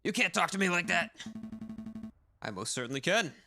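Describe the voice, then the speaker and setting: A man's voice: high voice, big pitch swings, normal speed, gravelly, over music, pitched above the performer's own voice, full character voice. A haughty falcon defense lawyer voiced by a man who talks in stiff, formal legalese. His voice rises and falls a lot as he scolds.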